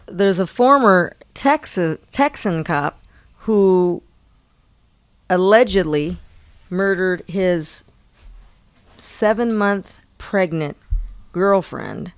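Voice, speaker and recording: A woman's voice: fairly low pitch, animated, extremely slow, pauses often, no echo. A woman co-hosting a talk show, recapping news stories in a chatty way with many fillers. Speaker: co-host.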